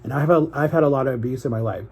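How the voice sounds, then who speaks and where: A man's voice: mid-range voice, rapid-fire, creaky, a little mellow, breathy edge. A young man vlogging to his viewers, telling a personal story in an emotional, rambling way that circles back on itself.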